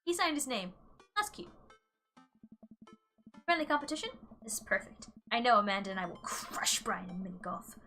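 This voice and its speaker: A woman's voice: a little high, sing-song, normal speed, long pauses, bright, forceful tone, faint music behind. A young woman streamer playing a dating game, reading it aloud and joking along the way. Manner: playful and joking. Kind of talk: casual game reading and commentary.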